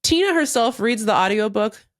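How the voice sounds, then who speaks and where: A woman's voice: a little high, animated, normal speed, no room sound, studio quality. A young adult woman from the Seattle area, co-hosting a podcast in casual chat and acting out quotes as she tells a story. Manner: chatty storyteller, acts out quotes. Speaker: podcast co-host.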